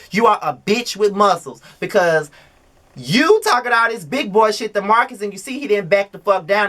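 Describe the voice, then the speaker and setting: Heated profane man ranting to camera. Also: high-pitched. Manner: profane, heated, yelling at times. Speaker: reality TV reviewer.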